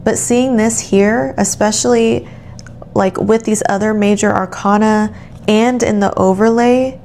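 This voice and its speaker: A woman giving a soothing channeled tarot reading, speaking gently and affirmingly straight to the listener. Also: mid-range voice, fairly even intonation, a little slow, a little hiss or hum. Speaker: tarot reader.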